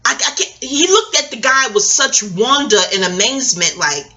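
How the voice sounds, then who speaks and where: A woman's voice: on the high side, moderate pace. A middle-aged woman from New York telling a rambling, profane story to her viewers in a casual monologue. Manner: animated, profane, digressive, addresses viewers as y'all. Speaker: vlogger.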